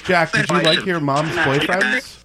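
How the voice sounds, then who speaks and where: A man's voice: fairly high pitch, measured pace, a loud crowd. A man co-hosting a paranormal session, putting questions to the spirit again. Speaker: co-host. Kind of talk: casual paranormal session chat. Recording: loud background noise.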